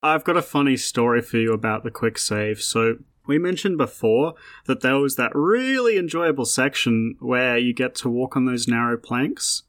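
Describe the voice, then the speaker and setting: A man co-hosting a game review podcast in casual chat, relaxed and hesitant. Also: mid-range voice, normal speed, hardly any pauses, no room sound. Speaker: podcast co-host reviewing games.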